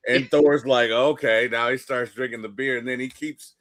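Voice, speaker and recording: A man chatting casually about a movie, retelling scenes and acting out characters in quick asides. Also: medium pitch, steady tone, fairly bright tone, no echo. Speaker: podcast co-host.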